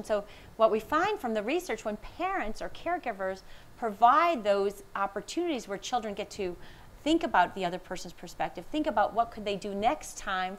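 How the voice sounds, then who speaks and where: A woman's voice: medium pitch, low-quality recording. A woman speaker and empathy researcher giving a conference talk, telling anecdotes with frequent laughter and quoted dialogue. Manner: warm anecdotal, laughs often, quoting others. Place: conference room.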